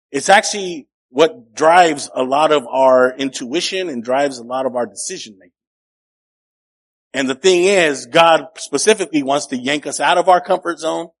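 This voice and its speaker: Male pastor, sermon, chatty storytelling, slightly high voice. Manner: conversational storytelling, builds up and drops to quiet.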